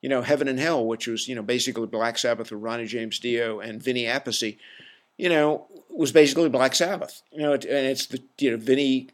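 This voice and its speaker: A man's voice: medium pitch, brisk. A man hosting a podcast alone, giving an opinionated, rambling rant in a casual, self-aware way. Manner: opinionated, ranting, self-deprecating. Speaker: podcast host. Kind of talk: casual solo monologue.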